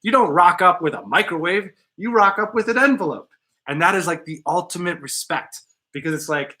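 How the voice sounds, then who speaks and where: A man's voice: high voice, lively intonation, a little fast, sharp tone. A man hosting a casual podcast chat in a studio, blunt and joking, with some profanity. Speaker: podcast host.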